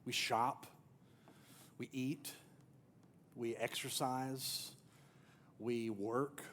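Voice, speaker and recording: A male pastor delivers a sermon in a mid-pitched voice, telling stories with emphasis. He swings from loud, pressing lines down to near-hushed ones. A faint low rumble hums behind him in the church. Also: steady tone, very slow.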